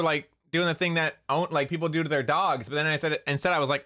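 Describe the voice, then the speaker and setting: A man streaming casually, telling stories with animated energy, acting out quotes and swearing freely. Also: on the high side, brisk.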